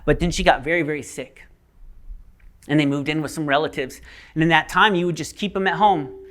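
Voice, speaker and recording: A man's voice: on the high side, a little fast, a bit bright. A male pastor giving a sermon, telling a story casually with fillers.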